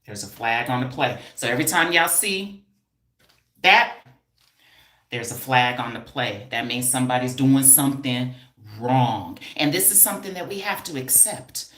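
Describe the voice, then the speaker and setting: A woman streams live from her home, teasing and calling out to viewers in a loud, playful way. Her voice is low for a woman but bright and forceful, and the room around her rings with echo. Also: lively intonation, normal speed. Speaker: hair stylist and educator. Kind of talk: casual live stream talk.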